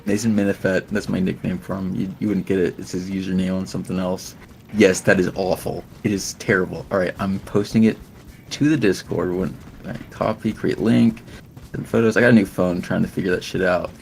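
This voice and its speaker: Gravelly-voiced rambling streamer man. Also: deep voice, flat delivery, fairly quick, a little mellow, a little hiss or hum. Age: late 20s. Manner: rambling, profane, laughing. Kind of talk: casual chat. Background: music.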